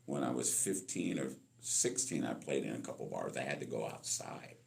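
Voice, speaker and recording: A man in his sixties from Los Angeles, a musician telling stories from his life as a guest in an interview, animated and acting out the people in them. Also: very deep voice, normal speed, gravelly. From Los Angeles, California. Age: 60s. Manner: animated storyteller, acts out voices in his anecdotes. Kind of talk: storytelling interview.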